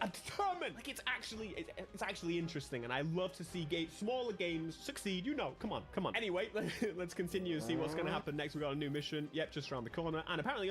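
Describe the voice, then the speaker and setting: A man giving excitable let's-play commentary, talking to the game as he plays. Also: high voice. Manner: animated, excitable, talks to the game. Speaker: gaming streamer.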